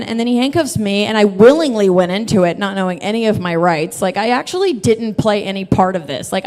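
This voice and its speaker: Woman storyteller, mid pitch, loose and giggly, cusses, live hall reverb. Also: a little mellow. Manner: chatty, laughs often, swears freely.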